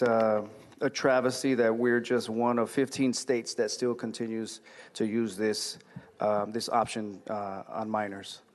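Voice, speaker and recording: A man from an injury prevention program giving a hesitant public comment with many fillers. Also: medium pitch. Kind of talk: public comment at a county board meeting.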